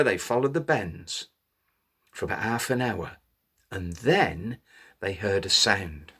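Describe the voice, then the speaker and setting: A man telling a children's story in an animated way, inviting little listeners to join in. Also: mid-range voice, breathy edge. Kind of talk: interactive children's story reading.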